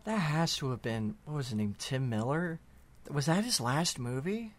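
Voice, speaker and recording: Laid-back higher-voiced male podcast host. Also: animated, moderate pace. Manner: laid-back, filler-heavy, swears. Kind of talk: casual podcast chat.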